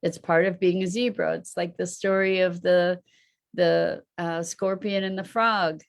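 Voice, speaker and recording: Slow, musing woman teacher. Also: lowish voice, little pitch movement, gravelly. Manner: unhurried, musing, with rhetorical questions. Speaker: host and teacher. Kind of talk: reflective live online talk.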